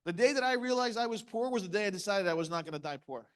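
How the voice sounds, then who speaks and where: At a motivational seminar, a middle-aged man with a slightly high voice talks fast and expressively in short, punchy lines. He keeps putting questions to the audience and uses stories to drive his point home.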